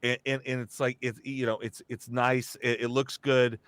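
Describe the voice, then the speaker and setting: Guesting on a live talk show, this young voice actor and comedian rambles through a casual anecdote, restarting often and performing the voices he quotes. He speaks at normal speed with a flat, mid-range, fairly bright voice, and there's no echo.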